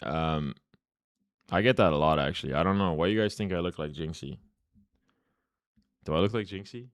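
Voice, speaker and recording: A young man streaming chess who swears freely and trades jabs with his viewers, telling a rowdy story between moves. His voice sits somewhat low. It is recorded close and dry at a home desk mic with no room sound. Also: moderate pace, dry recording. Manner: profane, ranting banter with chat. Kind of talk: live-stream commentary and storytelling.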